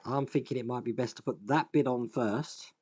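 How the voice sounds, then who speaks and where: A man's voice: medium pitch, fairly even intonation, normal speed, a little mellow, slightly rough. A man hosting a model-building video, thinking aloud as he works at a workbench, with sighs, chuckles and self-deprecating asides. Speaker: host, scale model builder. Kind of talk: casual build commentary.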